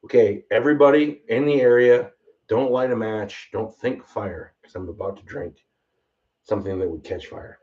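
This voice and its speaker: A man hosting a casual bourbon tasting, excitable and rambling, exclaiming often. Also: on the low side, normal speed. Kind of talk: casual livestream tasting chat. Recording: slightly distant, dull lo-fi mic.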